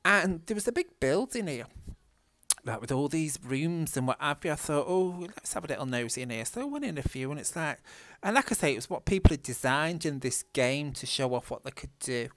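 A man's voice: fairly high pitch, expressive, brisk, fairly bright tone, no room sound. A man with a Northern English accent, chatting casually and swearing freely as he tells a story while playing a game. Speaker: gaming vlogger.

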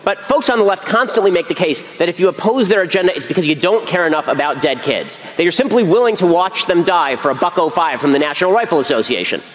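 A man gives a fast, animated speech, his higher-than-usual voice bouncing through lively, emphatic turns. He argues point by point without pause. The recording carries a long, roomy reverb as if from a large outdoor venue. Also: slight background noise. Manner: rapid, argumentative, emphatic. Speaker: public speaker. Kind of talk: delivering a speech.

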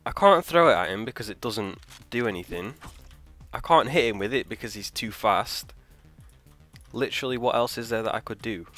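A man hosting a let's play, thinking aloud, trailing off, swearing and shouting in frustration as he plays. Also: on the low side, normal speed, soft background music. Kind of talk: live gameplay commentary.

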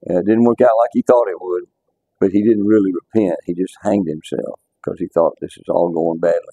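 A man's voice: sits low, a little fast, warm tone, dry recording, muffled recording. A man teaching a casual Bible class, talking conversationally and repeating words as he restarts his sentences.

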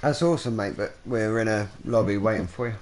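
A man's voice: on the low side, brisk, darkish tone, a little hiss or hum. A man hosting a charity gaming stream, chatting in a friendly, upbeat way with friends on a call. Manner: upbeat, friendly, says mate. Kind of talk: casual chat over voice call.

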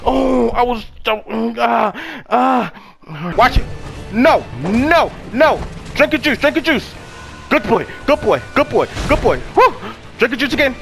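A high-voiced man commentates live gameplay, shouting and cursing at the game. His voice swings widely and has a gravelly edge. Music plays clearly behind him. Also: expressive, slow. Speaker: gaming channel host.

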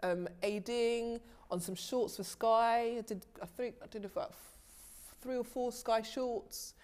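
A woman, a TV director, telling animated stories about her career as an interview guest, often restarting her sentences and laughing easily. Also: fairly high pitch, measured pace. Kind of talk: casual interview storytelling.

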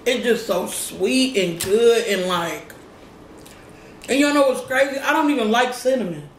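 A woman's voice: a little high, expressive, measured pace. A woman hosting a mukbang, chatting casually and laughing often as she tastes food. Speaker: mukbang host. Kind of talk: casual eating chat. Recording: roomy with faint noise.

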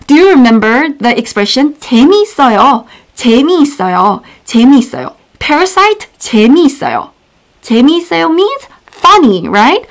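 Korean woman teaching phrases, higher voice, lots of ups and downs, repeats everything. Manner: repeats each phrase, acts out little scenes. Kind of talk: casual online language lesson.

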